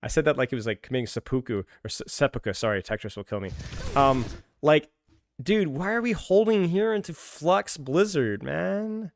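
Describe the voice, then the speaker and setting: An exasperated man talks through a match replay in a loose, rambling way, circling back to the same phrases again and again. His voice sits a touch high and swings widely in pitch. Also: expressive, moderate pace, no room sound. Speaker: esports match reviewer. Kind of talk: casual game review commentary.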